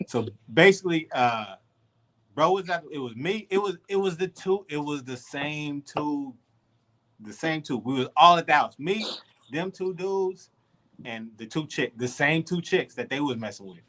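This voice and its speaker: A man's voice: on the high side, moderate pace. A man telling a story in a loose, slangy way during a casual podcast chat, with many restarts. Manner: animated, slangy, full of restarts. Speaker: podcast co-host.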